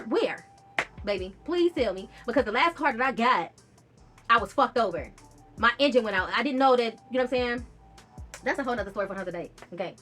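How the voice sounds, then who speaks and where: A young woman talks straight to her viewers in a casual storytime vlog, blunt and profane, quoting her own text messages. Her voice sits a little high, and faint music plays underneath. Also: a bit bright. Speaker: vlogger telling a personal story.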